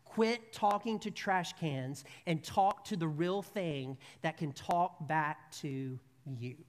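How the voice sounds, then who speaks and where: A woman delivers a sermon slowly in a low-pitched voice, her storytelling chatty and funny at first and then turning earnest. She is in a church sanctuary, and the sound carries the long reverb of a big hall.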